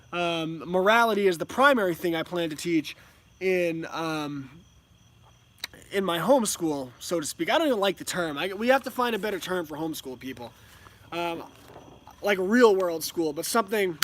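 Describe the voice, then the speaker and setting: A man's voice: high-pitched, fairly bright tone. A man speaking as a homeschooling parent in a casual monologue, rambling with many ums and restarts at home.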